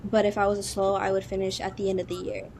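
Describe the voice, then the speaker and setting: A young woman on a podcast, telling her story in an animated way and laughing often. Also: medium pitch, fast, vocal fry, a crowd in the background. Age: young adult. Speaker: guest, cancer survivor. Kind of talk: casual podcast chat.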